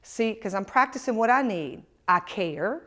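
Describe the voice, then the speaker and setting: A woman's voice: mid-range voice, animated, a little slow, fairly bright tone. A woman teaching communication skills to camera, telling a story and acting out both sides of the conversations.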